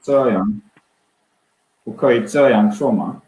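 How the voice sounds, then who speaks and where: A man's voice: medium pitch, measured pace, dark tone, echoey room, low-quality recording. A man taking an online language lesson, answering hesitantly and thinking aloud. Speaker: student. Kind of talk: online tutoring session.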